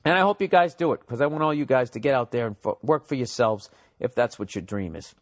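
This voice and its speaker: A man's voice: medium pitch, quick pace. A man hosting a comedy podcast, rambling profanely and mocking listener emails, his voice a little cracked. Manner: profane, sarcastic, reads listener emails aloud. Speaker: podcast host.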